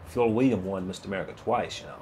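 A man in his sixties, a guest in an interview, telling his life story in a lively way, acting out other people's voices and laughing often. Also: sits low, fast talker, a little hiss or hum. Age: 60s. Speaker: guest, retired bodybuilder.

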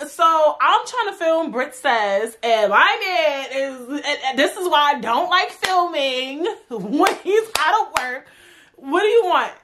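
A young woman with a notably high voice hosts her podcast in a loose, profane rant. She hammers the same point again and again. Her delivery is animated and blunt. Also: unhurried, slight background noise. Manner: profane, animated, repeats herself for emphasis. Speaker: podcast host. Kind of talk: casual rant.

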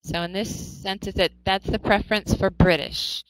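A woman's voice: mid-range voice, fairly even intonation, normal speed, dry recording, low-quality recording. An American woman teaching English in a live online class, upbeat and coaxing, often asking her students questions.

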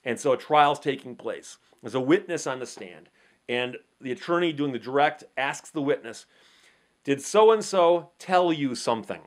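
Here a male legal commentator delivers an explanatory piece to camera, conversational in tone, with rhetorical questions and short acted courtroom exchanges. The voice sits in the mid-range, expressive, at a moderate speed.

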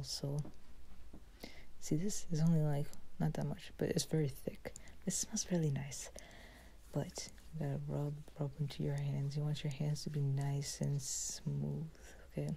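A young woman with a low, gravelly voice talks casually through her routine for her channel. Her tone is mellow and dark, and she often slips into a whisper. A faint hiss sits behind her. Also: low-quality recording. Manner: chatty, drifting in and out of whispers. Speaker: vlogger. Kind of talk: casual chat.

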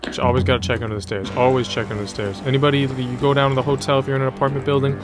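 A man's voice: mid-range voice, flat delivery, rapid-fire, over music. A young man commenting on a horror game as he plays, joking, swearing and laughing often. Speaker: gaming YouTuber. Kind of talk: let's-play commentary.

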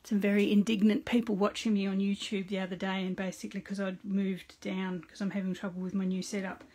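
A woman's voice: mid-range voice, flat delivery, brisk, a little mellow, a little hiss or hum. A middle-aged woman hosting a casual live card-making demonstration. She chats with viewers by name and narrates each step aloud.

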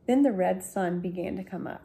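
A woman, a school librarian, reading a children's book aloud slowly and gently. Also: on the low side. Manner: slow, gentle storytelling.

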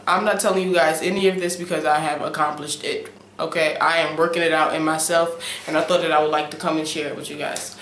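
A young woman talks straight to her camera at home late at night in a casual, preachy vlog. She punches some points loudly and lets others trail off softly, often checking in with "okay?". The room sounds echoey, with a faint hiss underneath. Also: fairly low pitch. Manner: wavers between loud emphasis and soft trailing asides. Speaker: vlogger. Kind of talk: casual talk-to-camera chat.

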